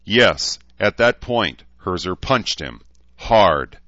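Spiteful woman doctor, voiced by a male reader; low register, lo-fi. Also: animated, slow pace, a bit bright, no echo, full character voice.

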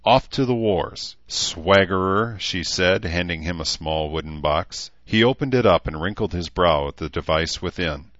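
Deep-voiced man narrating an audiobook. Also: normal speed, few pauses, a bit bright, no room sound, dull audio. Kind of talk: scripted narration.

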